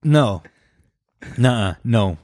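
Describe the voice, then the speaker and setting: A man co-hosting a casual podcast, mid-pitched and recorded in a dry room with no echo. He tells stories in an animated, profane way and jumps into the voices of the people he describes. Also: drawn-out words. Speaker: podcast co-host. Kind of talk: casual chat.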